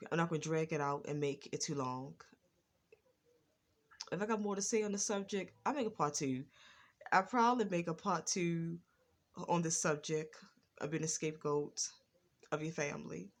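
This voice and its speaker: A woman vlogger talking to her viewers, stuttering at times and repeating words and phrases in an earnest, preachy way. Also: deep voice. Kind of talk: personal talk to camera.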